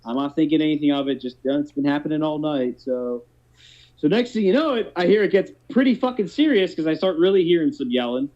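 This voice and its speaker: A man's voice: fairly high pitch, lively intonation, fast, warm tone. Man in his thirties, podcast storyteller, rambling, swears a lot, muffled lo-fi sound. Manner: rambling, profane, many restarts. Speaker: podcast host telling a story. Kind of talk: casual storytelling chat. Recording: dull lo-fi podcast audio.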